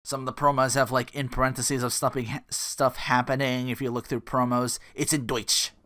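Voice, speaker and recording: A man's voice: mid-range voice, little pitch movement, moderate pace, sharp tone. A man hosting a solo podcast, rambling and joking at his own expense. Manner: rambling, self-mocking, laughs at own jokes. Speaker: podcast host.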